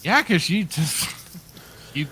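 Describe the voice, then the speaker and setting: A man co-hosting a casual podcast chat, animated, acting out quoted reactions. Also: a little high, takes it slowly, breathy edge. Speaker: podcast co-host.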